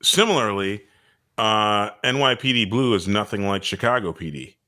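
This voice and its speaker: A man's voice: lowish voice, lively intonation, normal speed, sharp tone. A man co-hosting a podcast, eagerly pressing his questions in a casual chat. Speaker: podcast co-host.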